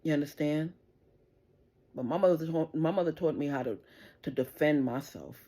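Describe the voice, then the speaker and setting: A deep, dark woman's voice at a moderate pace belongs to a middle-aged vlogger. She vents a profane, angry rant directly at the camera, confrontationally asking "you understand?" time after time.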